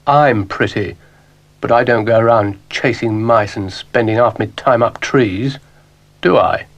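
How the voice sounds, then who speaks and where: Man doing sardonic shaggy dog, dry put-downs, unhurried. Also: medium pitch, highs cut off, lightly acted. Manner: dry, sarcastic.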